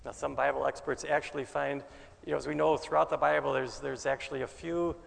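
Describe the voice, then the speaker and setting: Male preacher, strongly gravelly voice, dramatic swings in volume, recorded in a large echoing hall. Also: mid-range voice, flat delivery, brisk. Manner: dramatic, shifts between loud bursts and soft asides. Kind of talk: sermon.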